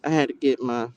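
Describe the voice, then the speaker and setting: This livestream host has a very deep female voice, captured with lo-fi sound through a tablet mic. She chats expressively with her viewers, addressing them as baby and child, with bursts of laughter in a casual stream.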